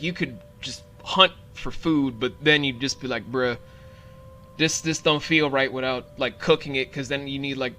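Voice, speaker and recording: Young male streamer, animated and rambling, a bit high and very bright. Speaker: game streamer. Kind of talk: casual livestream commentary.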